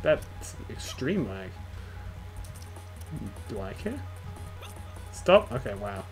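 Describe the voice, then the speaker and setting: Casual aussie guy playing his game, swears a lot, sudden yells, music behind. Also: fairly low pitch, drawn-out words. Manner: sarcastic, swearing, bursts of excited yelling. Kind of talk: casual gameplay chat.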